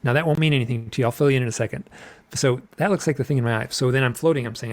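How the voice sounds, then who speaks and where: A man's voice: mid-range voice, fast talker. A middle-aged man telling a strange personal story in a rambling, casual way, repeating phrases and acting out what people said. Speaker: podcast guest recounting an experience.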